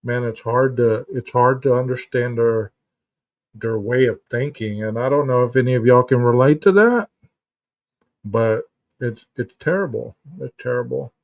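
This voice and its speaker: This therapist hosts a casual live stream, speaking at a moderate pace with a medium-pitched voice. He rambles through stories and chat replies, restarting often and leaning on "you know." The dry recording sounds dull and muffled, picked up from a distance.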